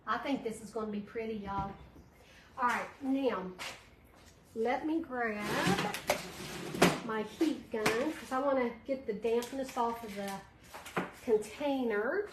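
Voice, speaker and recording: In an echoey room with clear background noise, a middle-aged woman crafts on a livestream, reading viewers' comments and talking with them casually. Her voice is a little high, and she speaks slowly with frequent pauses.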